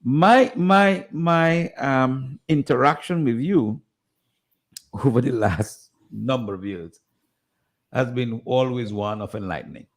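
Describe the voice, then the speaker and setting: A man on a tribute committee speaking on radio, halting and full of restarts and fillers. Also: medium pitch. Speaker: committee member.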